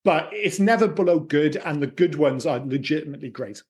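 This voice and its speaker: A man's voice: on the high side, lively intonation, a little fast, a little mellow. A man co-hosting a podcast, chatting casually about films, swearing freely and using lots of fillers. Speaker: podcast co-host. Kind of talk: casual film chat.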